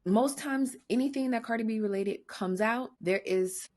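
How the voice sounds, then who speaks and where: A woman's voice: fairly high pitch, normal speed, darkish tone. A woman co-hosting a podcast in casual gossip chat, blunt and profane, hammering points with repetition. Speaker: podcast co-host.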